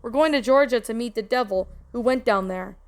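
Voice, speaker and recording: A woman voicing a rude, streetwise boy who talks loud and brash. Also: a little high, fairly quick, close to an everyday voice.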